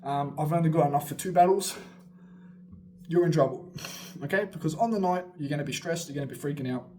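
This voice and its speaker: A man talks through a casual beatbox lesson in a slightly high, excitable voice, swearing freely and laughing at himself. He rambles and moves around as he explains. A faint background noise sits under the recording. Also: fast talker. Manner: energetic, swearing, laughing asides, jumping around while talking. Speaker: beatbox coach.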